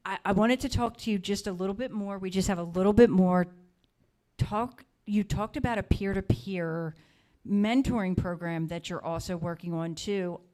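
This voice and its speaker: A woman's voice: mid-range voice, moderate pace, darkish tone. A woman hosting a live community talk show, asking questions and thanking her guest in an encouraging way. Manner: encouraging, appreciative.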